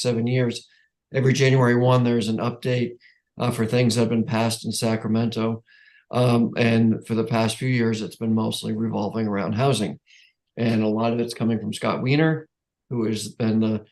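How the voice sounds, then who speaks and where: A man's voice: mid-range voice, a little mellow. A man with a New England accent, chairing a neighborhood council meeting in casual, rambling talk with many restarts. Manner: rambling, self-correcting, chuckles often.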